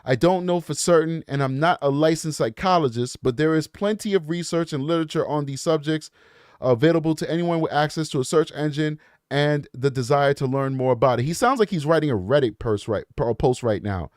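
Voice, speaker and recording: This is a man hosting a true crime show, his voice sitting a little higher than most men's. He reads letters aloud and keeps stopping to add blunt, emphatic remarks to his audience. The sound is dry and close, with almost no room around it. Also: fairly quick, darkish tone, no room sound. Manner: blunt, emphatic, scornful asides; talks straight to his viewers. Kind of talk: reading emails aloud with commentary.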